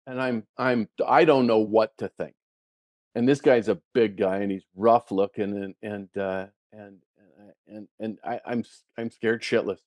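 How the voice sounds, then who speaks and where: An older man, a guest and former touring golfer, telling stories in a casual, animated way with many restarts and repeated words. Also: fairly low pitch, unhurried, no room sound. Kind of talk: casual storytelling.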